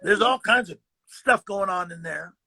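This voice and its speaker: An older man tells stories in a casual, animated way, acting out the lines of people he talks about. His voice sits high and gravelly, with a husky, bright edge. He often repeats words as he goes. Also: a little slow. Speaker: guest actor. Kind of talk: casual storytelling.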